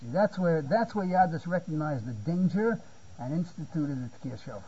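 An older man giving a spontaneous Torah lecture, halting and repeating words, often checking with "you see?". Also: on the high side, lively intonation, dark tone, slightly rough. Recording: muffled lo-fi recording.

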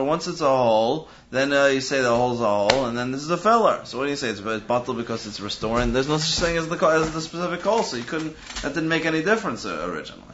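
A man's voice: fairly high pitch, fairly bright tone. Man giving a lecture. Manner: analytical, restarts mid-phrase while reasoning aloud. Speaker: Talmud teacher. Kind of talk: Talmudic lecture. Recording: dull lo-fi recording with faint hiss.

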